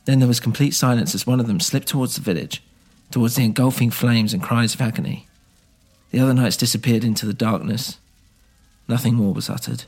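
A man narrates a fantasy audio drama in a measured, dramatic way. His voice is gravelly and husky at a middling pitch. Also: darkish tone.

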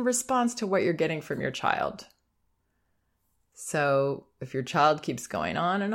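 Woman podcast host, deep for a lady, soft calm advice talk, reflective. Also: unhurried, creaky. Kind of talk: advice monologue.

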